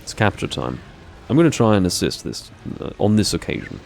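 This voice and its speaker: A man giving relaxed, rambling commentary while playing a game live, with dry, self-deprecating asides. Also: lowish voice, a little fast, creaky. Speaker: gaming streamer.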